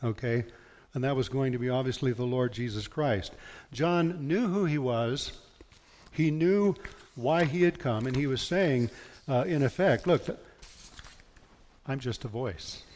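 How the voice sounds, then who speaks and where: A man's voice: mid-range voice, measured pace, darkish tone. A male pastor preaching a sermon, reading scripture aloud in an earnest, emphatic way. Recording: long hall reverb.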